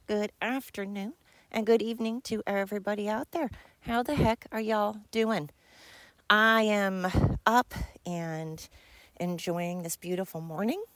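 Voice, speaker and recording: A woman's voice: mid-range voice, no room sound. Breathless chatty woman walking. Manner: chatty, excitable, says frickin' a lot. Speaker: podcast host. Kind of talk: casual rambling monologue. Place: outdoors, walking.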